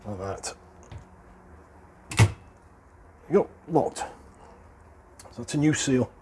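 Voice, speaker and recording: Middle-aged british bloke, mid-pitched, chatty, chuckles as he explains, faint hiss behind. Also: expressive, slow. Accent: British English. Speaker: airgun hobbyist presenter. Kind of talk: casual hands-on repair walkthrough.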